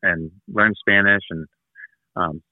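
A man's voice: sits low, steady tone, slow, no echo. Laid-back man telling a travel story. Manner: rambling, laughing, acts out quoted people. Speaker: guest. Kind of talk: casual storytelling. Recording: tinny phone-like line.

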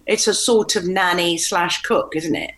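A woman's voice: on the low side, a little slow, a bit bright, low-quality recording. A middle-aged woman speaking as an interview guest, telling stories candidly and mimicking quotes with animation. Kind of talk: conversational interview.

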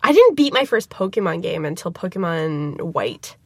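A woman's voice: on the low side, sing-song, normal speed, no echo, clean studio sound. A woman co-hosting a casual podcast from a small closet at home, playful and teasing, laughing often. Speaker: podcast co-host. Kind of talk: casual chat.

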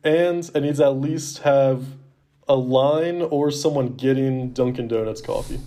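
A man's voice: medium pitch, unhurried, warm tone. A young man with a mid-range voice co-hosts a casual movie podcast. He is upbeat and teasing, and he leads the talk with easy confidence. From Asheville area. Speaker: podcast co-host.

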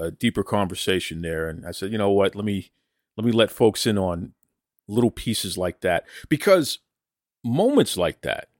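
A man's voice: lowish voice, no echo, studio quality. A man from Boston with a New England accent, hosting a wrestling podcast in an enthusiastic, chatty way. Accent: New England, rhotic. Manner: enthusiastic, chatty, addresses listeners as folks. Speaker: podcast host. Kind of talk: casual podcast monologue with ad read.

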